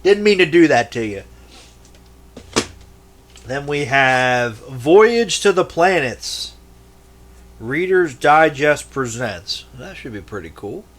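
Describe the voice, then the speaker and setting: His voice sits a little high and has a sing-song lilt, and he goes slowly with frequent pauses, sounding fairly bright. The VHS collector vlogger rambles through a casual show-and-tell of his tapes, swearing and joking as he goes. Slight background noise is audible.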